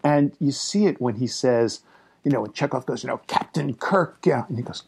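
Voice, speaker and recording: A man's voice: mid-range voice, brisk, dark tone, slightly rough. A man co-hosting a casual film podcast, talking in a wry, emphatic way. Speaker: podcast co-host. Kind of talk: casual chat about a film.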